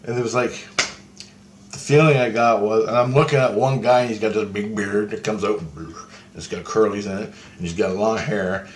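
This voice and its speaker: A man's voice: fairly low pitch, steady tone, moderate pace, background noise. Swearing man rambling through a vision. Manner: profane, breathless, awestruck. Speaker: storyteller recounting a vision. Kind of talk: rambling first-person account.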